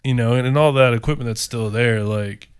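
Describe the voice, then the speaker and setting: A man's voice: medium pitch, a little fast, clear, resonant tone, dry recording, studio quality. A man co-hosting a podcast in casual chat, rambling with lots of fillers. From rural area. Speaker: podcast co-host.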